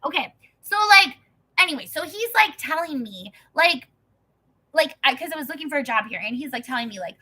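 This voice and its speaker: A woman talking casually and profanely, swinging from heated rants into slower scripture reading. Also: high-pitched, animated, sharp tone, rough recording. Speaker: host reading scripture with commentary. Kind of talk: casual ranting commentary and Bible reading.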